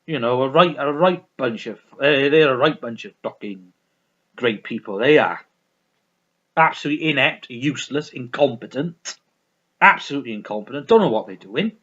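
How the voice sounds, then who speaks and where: A man's voice: mid-range voice, animated, normal speed, fairly bright tone, muffled recording. A man vlogging in a heated, swearing rant full of restarts. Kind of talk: ranting vlog monologue.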